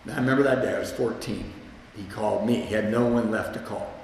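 A man's voice: on the low side, quick pace, creaky, slight background noise. A man speaking at a recovery meeting, telling his own story candidly and with self-deprecating asides to the group. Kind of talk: personal recovery share to a live group. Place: meeting room with a group present. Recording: echoey hall with long reverb.

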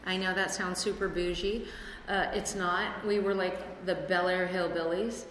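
A woman's voice: fairly low pitch, level tone, a little slow, fairly bright tone, a little hiss or hum. A speaker from Chicago sharing her story at a recovery meeting, rambling and chatty with lots of fillers, recorded in a meeting hall. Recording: echoey hall with room ambience.

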